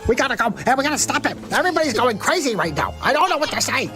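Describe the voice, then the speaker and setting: A frantic woman politician who rattles along in a panic, as a man puts her on. The voice sits very high, swoops all over the place, and races at top speed. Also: big pitch swings, very fast, pushed and bright, faint music behind, heavily acted. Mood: panicky. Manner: panicky, pleading. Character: frantic female politician, anxious and pleading.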